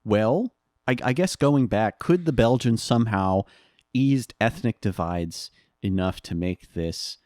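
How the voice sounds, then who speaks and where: A man's voice: on the low side, lively intonation, measured pace, darkish tone, dry recording, studio quality. A man co-hosting a casual history podcast, telling anecdotes and laughing at them. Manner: storytelling, laughs at his own anecdotes. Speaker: podcast co-host.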